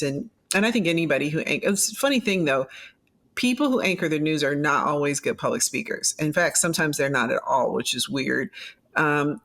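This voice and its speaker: In a conversational interview, a former news anchor in middle age talks with a low voice. Her manner is animated yet reflective, and she often restarts what she's saying.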